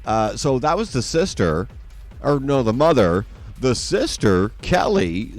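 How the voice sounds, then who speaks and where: A man hosts his live stream in a rambling, excitable ramble, peppered with swearing, his voice sitting at an average pitch. Faint music runs under him. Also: a little slow. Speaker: streamer host. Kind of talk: casual livestream chat.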